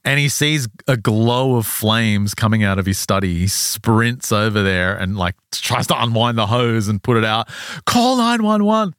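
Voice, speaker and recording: Low-voiced man telling a story. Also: clear, resonant tone, no room sound, studio quality. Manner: animated retelling with quick acted quotes. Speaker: podcast co-host telling a story. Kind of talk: casual storytelling chat.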